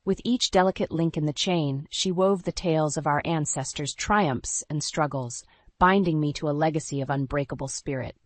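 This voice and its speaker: A woman narrating a scripted first-person story in a dramatic, even storytelling voice. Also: low-pitched, moderate pace, no room sound.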